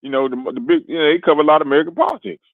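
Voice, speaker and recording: A man's voice: on the high side, lively intonation, racing, no room sound. A man calling in to a livestream, chatting casually in a rambling way full of fillers. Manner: rambling, filler-heavy, says "bro". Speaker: guest caller. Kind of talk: casual chat. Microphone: phone line. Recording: tinny, dry phone line.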